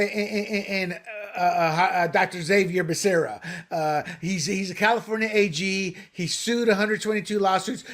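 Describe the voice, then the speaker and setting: A man's voice: high-pitched, bright, forceful tone. A man co-hosting a political talk show, opinionated and mocking, often laughing at his own jokes. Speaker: podcast co-host.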